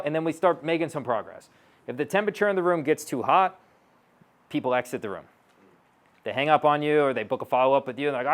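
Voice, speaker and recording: A man's voice: mid-range voice, fast talker, pauses often. Brash male sales coach on stage, blunt, swearing, mid-range voice, acts out both sides of conversations. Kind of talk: stage talk to an audience.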